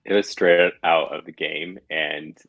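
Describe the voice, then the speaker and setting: A man's voice: a bass voice, fairly even intonation, a little slow, dry recording, dull audio. A man co-hosting a podcast, talking through a show episode in casual chat, earnest and wordy, circling back to his points. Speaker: podcast co-host.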